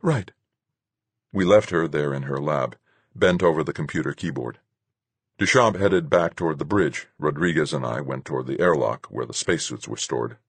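A man reading an audiobook in a measured, even way. His voice is very low and a little husky. The recording is dry and close, with no room sound. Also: no echo. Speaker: narrator. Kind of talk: audiobook narration.

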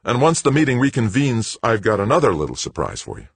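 A man's voice: on the low side, sing-song, a little fast, husky, dry recording, pitched above the performer's own voice, exaggerated voice. A man putting on a pushy eager young executive. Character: eager scheming businessman son, adult male.

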